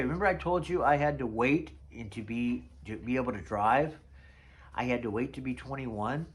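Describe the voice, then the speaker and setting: A man in his sixties telling rambling, chatty stories about old notes from his past. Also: mid-range voice. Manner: chatty storyteller, drifts off mid-thought. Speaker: vlogger. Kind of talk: casual reminiscing vlog.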